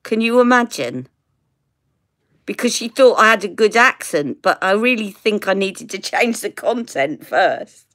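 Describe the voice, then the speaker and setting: A woman's voice: mid-range voice, lively intonation, unhurried, a bit bright. Chatty woman doing live makeup. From United Kingdom. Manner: chatty, laughing, rambling tangents. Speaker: beauty vlogger. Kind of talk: live makeup tutorial chat.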